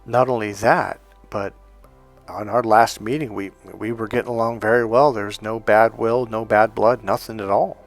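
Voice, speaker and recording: A middle-aged relationship coach from California, USA, tells his own stories to camera, candid and profane. His voice is lowish with fairly even intonation and a moderate pace, over soft background music.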